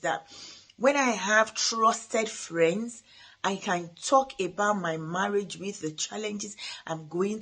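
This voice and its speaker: Husky middle-aged woman giving parenting advice. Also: medium pitch, a bit bright. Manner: earnest, advising, with frequent restarts. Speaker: parenting podcast host. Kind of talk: motivational talk.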